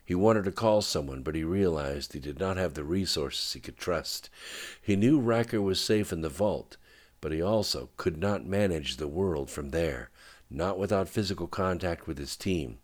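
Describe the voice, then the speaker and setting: Very deep-voiced male audiobook narrator. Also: moderate pace.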